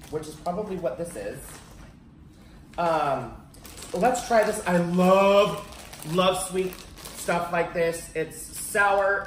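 A woman reviewing snacks in a casual, excitable unboxing vlog, chatting at home. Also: mid-range voice, recorded from a distance, slight background noise. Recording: echoey home room.

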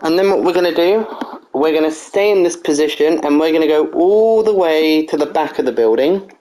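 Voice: medium pitch, animated, brisk, warm tone, a little hiss or hum, poor audio. Methodical voice talking through a build. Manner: methodical step-by-step instructions, counting blocks aloud, frequent "uh"; apologetic, corrects own slips. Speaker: building tutorial narrator. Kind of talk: casual game-building walkthrough voice-over.

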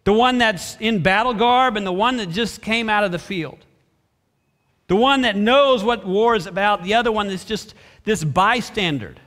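Man, pastor, sermon, high pitch, reverberant hall. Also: normal speed. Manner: expressive preaching, acts out brief voices of biblical characters.

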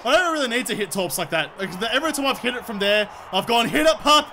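A young Australian man commentating his own football video game, shouting and cheering at the plays and joking along. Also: high-pitched, big pitch swings, quick pace, slight background noise. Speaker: gaming video creator. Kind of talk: excited gameplay commentary.

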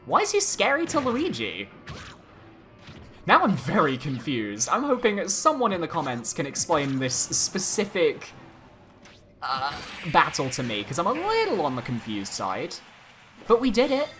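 Casting note: young man, let's-play commentator, lively pitch, excitable and exasperated, game music faint behind. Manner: animated, exclaiming, swings between excited and exasperated. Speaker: gaming YouTuber.

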